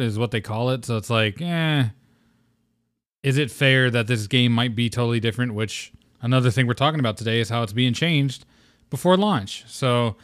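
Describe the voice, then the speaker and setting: A man's voice: mid-range voice, no room sound, clean studio sound. A young man hosting his own gaming podcast solo, talking in a rambling, laid-back way and swearing casually. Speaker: podcast host.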